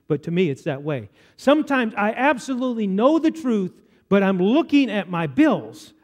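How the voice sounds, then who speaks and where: A man with a high-pitched voice preaches an earnest sermon as pastor. He slows down deliberately whenever he reads scripture aloud. His voice rings out with the long reverb of a church hall. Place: church sanctuary.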